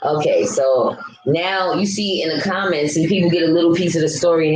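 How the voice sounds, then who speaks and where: A woman's voice: low-pitched, fairly even intonation, moderate pace, darkish tone. A woman chatting casually with her viewers on a live stream, blunt and ranting, answering comments as she goes. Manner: blunt, ranting, talks back to chat. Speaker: vlogger. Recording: echoey room with faint background hum.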